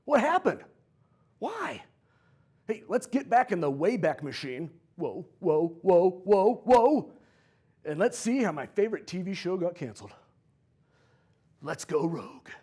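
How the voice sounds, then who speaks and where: A man's voice: high voice, sing-song, moderate pace, long pauses, husky. A man in his forties, a history teacher, telling a history story in a playful, jokey way for a comedic vlog.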